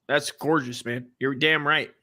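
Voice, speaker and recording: A man's voice: mid-range voice, fairly even intonation, a little slow, bright, forceful tone. A man in his forties from the Ozarks, co-hosting a casual comedic chat in a jokey, crude way. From Ozarks, United States. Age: 40s. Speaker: podcast co-host.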